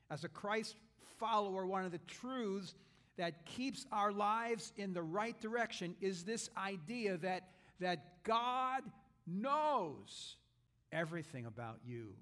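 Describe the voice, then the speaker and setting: A male pastor with a notably high speaking voice delivers a sermon. His manner is conversational, full of asides and restarts, and he drops in small jokes between scripture readings. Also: fairly bright tone.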